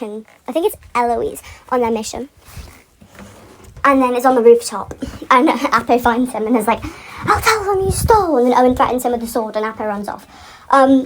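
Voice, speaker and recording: A woman's voice: sits high, a little hiss or hum, low-quality recording. A woman on a casual, rambling rant about a fan series, full of tangents and frequent laughter. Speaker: fan commentator.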